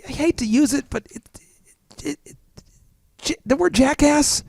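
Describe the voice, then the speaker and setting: A man's voice: very high voice, creaky, darkish tone, no room sound. A man co-hosting a business podcast, telling stories in a joking, playful way and acting out the people in them. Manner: fast, playful storytelling with quoted voices. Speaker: podcast co-host.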